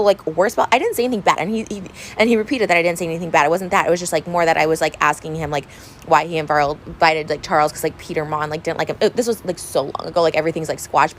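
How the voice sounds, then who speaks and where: Young woman, upset vlog rant, rambling with endless "like", medium pitch, faint room hiss. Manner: rambling, fillers of "like", upset and venting. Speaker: vlogger. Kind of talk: unscripted vlog rant to camera.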